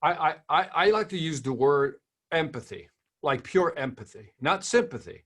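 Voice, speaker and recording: A man guesting on an interview, talking through his approach to selling with emphatic repetition and rhetorical questions. His voice has a husky, slightly rough edge. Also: on the high side, expressive, moderate pace, fairly bright tone. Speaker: sales trainer guest. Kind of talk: interview conversation.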